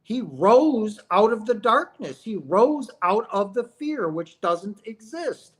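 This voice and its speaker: A man's voice: high-pitched, sing-song, slow, a bit bright. A man hosting a spiritual livestream, talking emphatically and preachily, firing off rhetorical questions and often asking "right?" and calling out to "guys". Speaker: streamer talking about near-death experiences.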